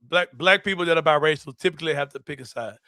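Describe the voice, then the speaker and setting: A man hosting a casual sports-show chat, a loud, laughing storyteller who swears freely. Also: a little high, quick pace, no echo, studio quality. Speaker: podcast host.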